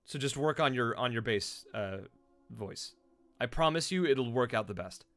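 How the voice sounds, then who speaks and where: Man, streamer, voice actor, casual chat, middle pitch, rambling, self-deprecating. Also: lively intonation, moderate pace, a bit bright, faint music behind. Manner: rambling, self-deprecating, many fillers and restarts.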